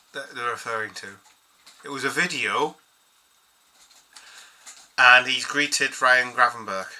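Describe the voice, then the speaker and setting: Chatty bright-voiced man. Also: medium pitch, low-quality recording. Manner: chatty, rambling, reads quotes aloud. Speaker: fan channel host. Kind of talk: casual solo commentary.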